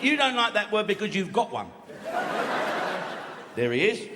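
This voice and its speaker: A brash comedian telling crude, swear-filled stories on stage. His voice sits high and swings widely in pitch. It rings through a big echoey hall over a loudly laughing crowd. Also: big pitch swings, normal speed, heavy background noise. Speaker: stand-up comedian. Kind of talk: live stand-up routine. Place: large theatre stage. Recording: echoey hall with loud audience. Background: live audience laughing.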